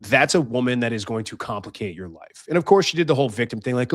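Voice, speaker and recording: A man's voice: mid-range voice, animated, fairly quick, no room sound, clean studio sound. A young man hosting a podcast, giving life advice in a blunt casual monologue, swearing freely and acting out voices. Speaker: podcast host.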